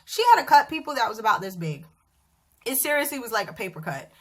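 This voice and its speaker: A woman in her thirties telling a story to camera at home in a chatty, animated vlog style. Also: on the high side, fast. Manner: animated, chatty, acts out dialogue. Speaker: vlogger. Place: bedroom at home.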